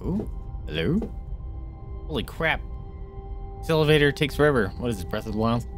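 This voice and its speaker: A man streaming a video game live, reacting excitedly to what happens and chatting with his viewers. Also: mid-range voice, fast, soft background music.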